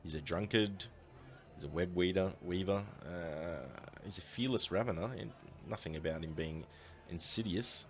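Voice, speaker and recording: A man's voice: sits low, normal speed, a bit bright. A man giving casual, upbeat commentary as he plays a strategy game and thinks aloud. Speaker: let's play host.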